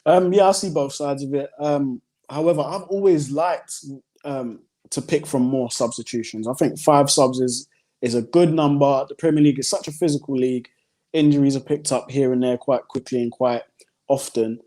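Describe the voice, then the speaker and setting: Mellow-voiced man in casual football chat. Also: mid-range voice, steady tone, normal speed. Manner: hesitant, lots of ums, laughs easily. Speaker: co-host.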